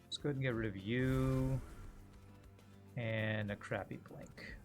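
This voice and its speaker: A man's voice: mid-range voice, steady tone, measured pace, soft background music. A man casually commenting on his gameplay while streaming, joking with his chat between moves. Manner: chatty, jokey, talks to chat while playing. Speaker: game streamer.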